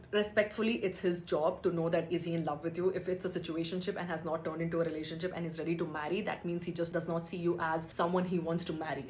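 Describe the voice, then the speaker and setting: A woman's voice: on the low side, slight background noise. A woman giving blunt, emphatic relationship advice in a casual vlog, exasperated and swearing freely. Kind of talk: casual advice talk to camera.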